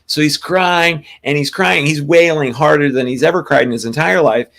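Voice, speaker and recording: A man co-hosting a spiritual talk show, telling a long personal story in a casual, animated way, with frequent restarts. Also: on the high side, normal speed, creaky. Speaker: podcast co-host.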